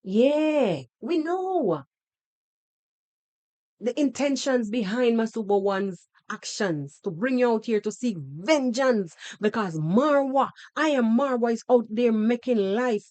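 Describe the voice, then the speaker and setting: A woman's voice: mid-range voice, a little mellow. A Jamaican woman hosting a podcast, giving sarcastic, scolding reaction commentary on a video and slipping into patois. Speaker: podcast host.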